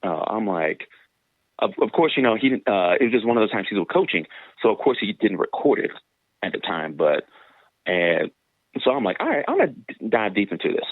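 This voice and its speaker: In a casual interview, a former sprinter tells stories at a fairly quick clip, animatedly acting out the people he quotes with big jumps in pitch. The recording is dry, narrow, and tinny.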